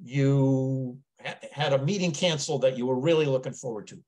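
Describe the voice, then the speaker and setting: A man's voice: mid-range voice, moderate pace, a little mellow. A man who is a business mentor, presenting a sales webinar in an earnest, conversational way and often repeating words as he thinks aloud.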